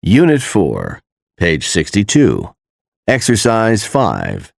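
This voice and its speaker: A man announcing textbook audio tracks and pronunciation notes in a slow, deliberate, instructional manner. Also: on the low side, huge pitch swings, gravelly, no echo, studio quality.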